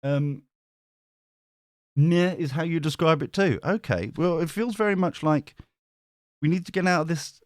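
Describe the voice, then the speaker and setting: A man's voice: on the high side, measured pace, pauses often, no echo, studio quality. A man with a British accent, giving a chatty live tarot reading. He rambles, gets sidetracked and swears casually. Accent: British English. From Britain. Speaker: tarot reader.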